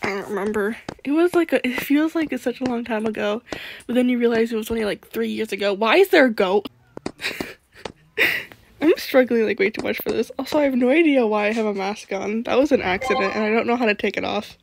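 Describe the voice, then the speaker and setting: A woman's voice: fairly high pitch, brisk, gravelly, slight background noise. A woman hosting a gaming channel, chatting casually and giggling as she talks to the characters in her game. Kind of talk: casual gameplay commentary.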